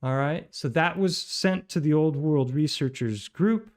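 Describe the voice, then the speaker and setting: A man's voice: on the high side, measured pace, darkish tone. A man hosting his own channel, talking through a dispute with plenty of fillers and false starts. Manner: rambling, many fillers and restarts. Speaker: channel host. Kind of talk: commentary on played voice messages.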